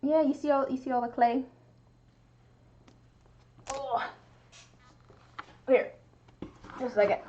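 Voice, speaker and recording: A woman's voice: high-pitched, takes it slowly, long pauses. Young woman chatting to her cat on a stream. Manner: talks to her cat in a cooing baby voice. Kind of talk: casual livestream chat. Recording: muffled lo-fi stream audio.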